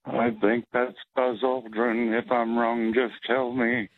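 Hesitant male caller with a gravelly voice. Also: medium pitch, flat delivery, takes it slowly, no echo, phone-quality sound. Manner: hesitant, self-deprecating, chuckling. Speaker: radio caller.

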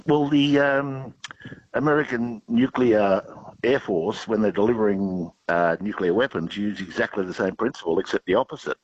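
A man's voice: fairly low pitch, moderate pace, breathy edge, no echo. A middle-aged man calling in to a radio show, telling pirate jokes and facts in a playful, hammy way. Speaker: caller. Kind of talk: phone-in chat telling jokes. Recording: dull lo-fi phone line.

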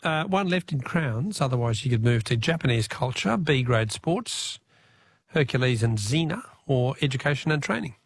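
A man's voice: medium pitch, lively intonation, moderate pace, breathy edge, dry recording. A man with an Australian accent hosting a talkback radio quiz, chatty, reading out listener texts and taking callers. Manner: chatty, reads texts aloud, laughs easily.

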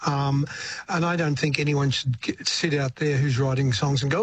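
A man's voice: on the high side, fairly even intonation, moderate pace, slight background noise. An older Australian man, a retired singer-songwriter, talking reflectively in a radio interview and often stumbling over his words.

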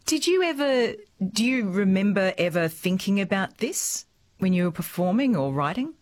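A woman's voice: mid-range voice, big pitch swings, moderate pace, darkish tone, no room sound. A woman, a radio host interviewing a guest in a friendly, encouraging way. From Australia.

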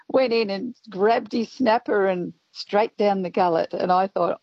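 A woman calling in to a radio show, telling a story in a chatty, animated way. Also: medium pitch, a little slow, dry recording, dull audio. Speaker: caller. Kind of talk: phone-in storytelling.

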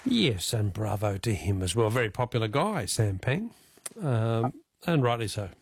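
A man's voice: on the low side, big pitch swings, normal speed, husky, dry recording, clean studio sound. A man with an Australian accent hosting a radio quiz, chatting casually and often restarting his sentences with fillers.

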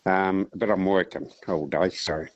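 An Australian man calling in to a radio show, telling a long joke in a relaxed, rambling way. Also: sits low, measured pace, no room sound, highs cut off. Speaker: caller.

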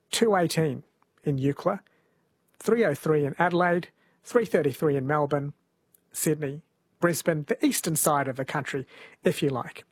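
A man's voice: fairly high pitch, husky. A man hosting a radio interview, asking curious, chatty questions in a studio. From New Zealand. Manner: chatty, inquisitive. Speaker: radio host.

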